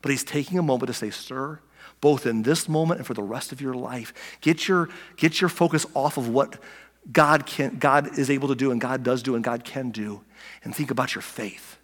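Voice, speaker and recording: A man preaching a sermon as a pastor, talking conversationally and dropping from loud to near-whispered. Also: mid-range voice, moderate pace, in a large hall.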